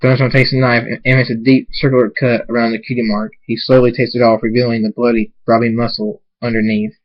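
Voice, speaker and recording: A man reads a fan story aloud in a halting way, often stumbling and starting words over. His voice sits at a middle pitch. The recording is dull and lo-fi. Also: flat delivery. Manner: halting, frequent stumbles and restarts. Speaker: reader of fan fiction. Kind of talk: amateur story reading.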